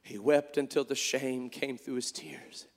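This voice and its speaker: A man preaching a sermon, moving between quiet storytelling and shouted, impassioned calls. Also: mid-range voice, little pitch movement, unhurried, long reverb tail. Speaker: pastor. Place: church.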